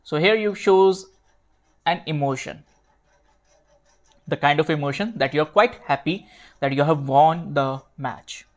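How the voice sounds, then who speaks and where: A man teaching grammar at a slow pace, repeating himself and correcting his own slips while writing out examples. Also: fairly high pitch. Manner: slow, repetitive, fillers and self-corrections. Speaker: English teacher.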